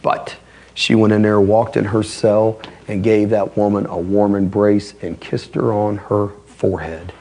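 A man's voice: fairly low pitch, little pitch movement, unhurried, darkish tone. A male pastor delivering a sermon in an emphatic, conversational way.

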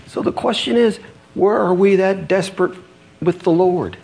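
Middle-aged male pastor, animated storyteller, somewhat high voice with a wide range. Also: normal speed, creaky. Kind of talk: sermon.

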